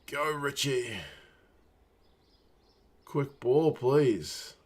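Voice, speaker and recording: A man's voice: mid-range voice, drawn-out words. Man muttering live rugby reactions. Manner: muttered reactions, urging players on. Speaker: watch-along stream host. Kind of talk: casual live match commentary.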